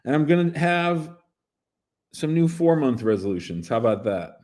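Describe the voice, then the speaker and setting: A man's voice: a little high, sing-song, moderate pace, darkish tone. A man in his fifties, an immigration lawyer hosting a casual livestream show, talking in a playful, chatty way that jumps between topics.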